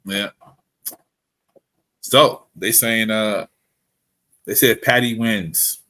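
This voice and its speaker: Speaking very slowly, this co-host has a lowish voice with a steady yet sharp tone. He's out of his regular studio, bantering and joking in a casual chat with his best friend on their podcast.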